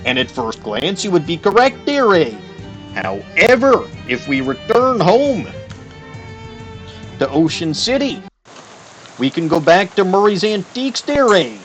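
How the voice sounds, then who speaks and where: A stubborn, boastful Canadian guy, as a man puts him on while streaming a game. His voice sits a little high and swings widely, and he tacks "there, eh?" onto every line in a heavy put-on Canadian accent. Quiet game music plays underneath. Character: folksy exaggerated Canadian man, stubborn braggart.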